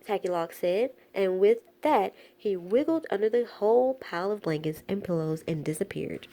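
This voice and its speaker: Woman reading a kids book out loud, playful, warm mellow voice. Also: fairly low pitch, moderate pace, hardly any pauses. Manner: expressive, playful. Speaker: storyteller. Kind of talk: picture book read-aloud.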